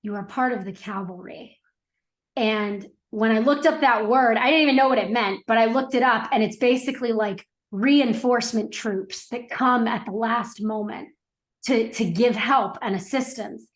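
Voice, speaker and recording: A woman's voice: a little high, moderate pace. A middle-aged woman guest on a podcast, telling her story in an earnest, reflective way with frequent restarts. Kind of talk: casual interview conversation.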